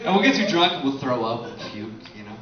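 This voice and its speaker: At a comedy show in a bar, a stand-up comedian runs a loose, profane set, talking with the crowd and laughing often. His medium-pitched voice swings widely in pitch and moves fast. The room is echoey and the mic distant, giving a dull sound with audience laughter behind him.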